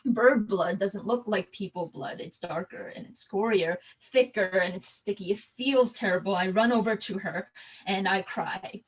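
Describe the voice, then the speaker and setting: A woman performing a theatrical storytelling monologue, halting with frequent restarts and repeated words. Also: medium pitch, husky, rough recording. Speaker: stage performer.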